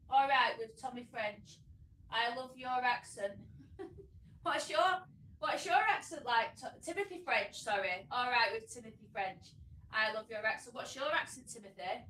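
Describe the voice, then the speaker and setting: A woman's voice: on the high side, bright, forceful tone, a little hiss or hum. A woman hosting a casual home livestream, chatting and rambling as she reads comments aloud. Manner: chatty, rambling, self-interrupting. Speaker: livestream host. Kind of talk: casual live chat reading comments. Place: home room. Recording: echoey room, a little far from the mic.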